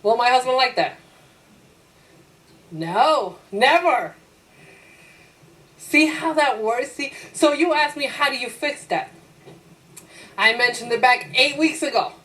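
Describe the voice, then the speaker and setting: A woman teacher lecturing a class, her voice sitting a little high. She talks with lively energy, slipping into quoted voices for her own thoughts and firing rhetorical questions at the room. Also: slow, long pauses, rough recording. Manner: laughs easily, asks the class rhetorical questions.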